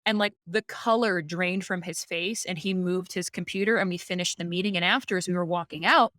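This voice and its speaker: A woman who is a company president, guest on a podcast, telling a story conversationally and in lively fashion. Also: lowish voice, brisk, no echo, clean studio sound. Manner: animated, acts out quoted dialogue.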